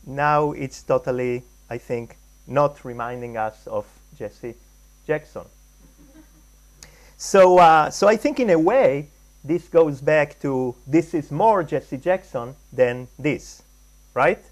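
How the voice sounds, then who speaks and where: A man's voice: on the high side, takes it slowly. A man from Israel lecturing at a conference, hesitant, with many ums and restarts. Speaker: guest lecturer, artist. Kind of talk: conference talk on caricature. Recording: live lecture hall talk.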